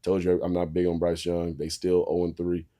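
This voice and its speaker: A young man hosting a casual sports talk show, giving football picks in a profane, animated, trash-talking way. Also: deep voice, normal speed.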